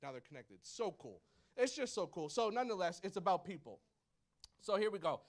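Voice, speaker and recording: Dude preaching in church, real high voice, animated, acts out the stories. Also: male voice, fairly quick. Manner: animated storytelling, acts out shouts and quotes. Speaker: pastor. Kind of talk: sermon. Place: church hall before a congregation.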